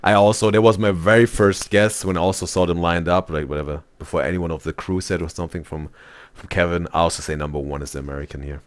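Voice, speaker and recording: A man's voice: sits low, steady tone, fast talker, dry recording. A man streaming a reaction video, chatting casually in loose phrasing and reading out his chat. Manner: chatty, loose non-native phrasing, says "bro" often.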